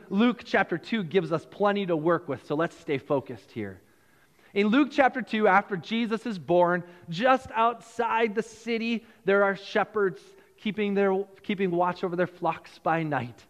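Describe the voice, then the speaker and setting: A man with a fairly high voice preaches a Christmas sermon in a church sanctuary. He keeps it conversational, repeating phrases and restarting as he goes. His words ring out with a long hall reverb. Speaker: pastor.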